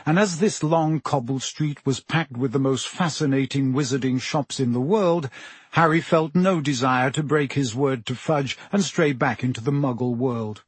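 Husky-voiced man reading a storybook. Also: mid-range voice, normal speed, dry recording. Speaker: audiobook narrator. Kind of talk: scripted storybook narration.

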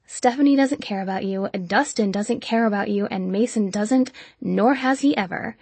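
A woman narrator voicing a spiteful young woman who taunts in a slow, sugary drawl, with a husky voice. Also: medium pitch, a little mellow, no echo. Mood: taunting.

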